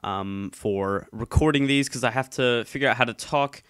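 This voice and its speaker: A man talks casually and at length, full of ums, restarts and asides, still a little stuffed up from a cold. His voice is smooth and clear, recorded close and dry with no room sound. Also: mid-range voice, normal speed, fairly bright tone, no room sound. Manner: rambling, many ums and restarts. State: slightly congested. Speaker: YouTube commentator. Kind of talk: casual solo chat. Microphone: headphones, desk mic.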